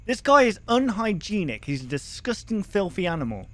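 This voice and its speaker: A man's voice: high voice, very animated, moderate pace, fairly bright tone, dry recording. A young man streaming a horror game, reacting with crude exclamations and frequent swearing. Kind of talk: let's-play commentary.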